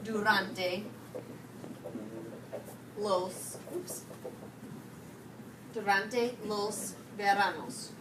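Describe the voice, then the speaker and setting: A woman teaching a high school Spanish class, questioning her students and mixing English with Spanish. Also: steady tone, very slow, long pauses. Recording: distant mic, noisy classroom.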